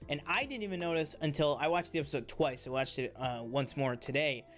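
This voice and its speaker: Man, casual review chat, slightly high voice, rambling with fillers, faint background music. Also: a little fast, a bit bright. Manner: enthusiastic, rambling with many fillers and restarts. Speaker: co-host of a TV review show.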